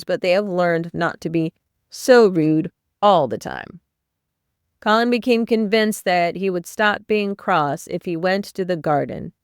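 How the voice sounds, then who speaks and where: A woman's voice: fairly low pitch, clean tone, no echo, clean studio sound. A woman hosting a podcast, giving a chapter-by-chapter book summary in plain storytelling with brief asides. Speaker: podcast host summarizing a novel.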